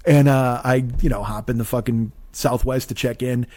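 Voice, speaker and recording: A man in his forties, a comedian and podcast host, telling a profane, exasperated story monologue that swings into loud rants. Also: medium pitch, fairly even intonation, normal speed. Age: 40s.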